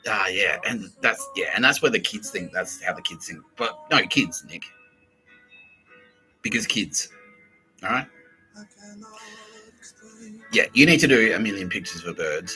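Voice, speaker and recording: A low-pitched man hosts a foul-mouthed comedy podcast, his delivery bright and forceful. He laughs often and slips into mocking impressions with swooping pitch. Faint music plays underneath. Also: expressive, a little slow, pauses often, poor audio. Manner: swears a lot, mimics people in quoted asides, laughs often. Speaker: podcast host. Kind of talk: crude comedic podcast banter.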